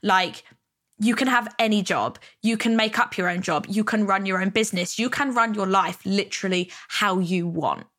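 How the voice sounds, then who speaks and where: A woman's voice: medium pitch, normal speed, fairly bright tone. A woman hosting a podcast, talking casually about money stress with lots of fillers. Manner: chatty, lots of fillers like "you know" and "like". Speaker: podcast host. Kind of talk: casual self-help podcast monologue.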